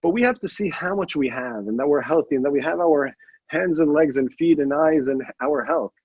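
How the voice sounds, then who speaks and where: Young man, earnest storyteller, slightly husky, dry and muffled sound. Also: on the high side, fairly quick, a little mellow, no room sound. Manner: earnest, with frequent restarts and emphatic quotes. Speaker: speaker at a memorial program. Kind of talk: personal storytelling.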